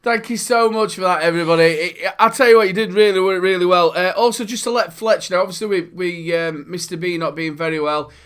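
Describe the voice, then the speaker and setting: A man's voice: sits high, steady tone, a little fast, few pauses, fairly bright tone, smooth. A man with a Northern English accent hosting a casual live stream, upbeat and affectionate as he thanks his viewers. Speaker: host.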